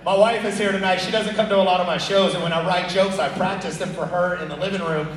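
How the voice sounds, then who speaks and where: Man doing loud animated stand-up. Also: high-pitched. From Texas. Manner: fast, animated storytelling, loud punchlines. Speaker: stand-up comedian. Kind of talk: stand-up comedy set. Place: comedy club stage. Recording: echoey club from far off. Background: audience laughter.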